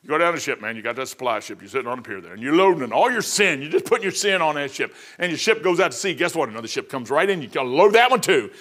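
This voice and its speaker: A man's voice: on the high side, expressive, racing, hardly any pauses, a bit bright. A middle-aged man teaching an informal Bible lesson in a folksy, rambling way, often repeating phrases for emphasis.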